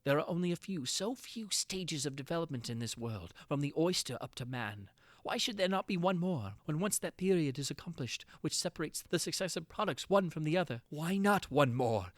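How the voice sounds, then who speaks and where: A man giving a dramatic reading of a horror tale, theatrical, swinging from frantic cries to hushed brooding. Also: fairly high pitch, lively intonation, a little fast, no room sound. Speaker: narrator.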